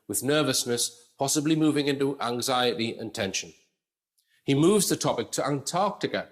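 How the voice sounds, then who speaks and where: A man's voice: medium pitch, fairly bright tone. A man presenting an analytical commentary in a conversational way, explaining with asides.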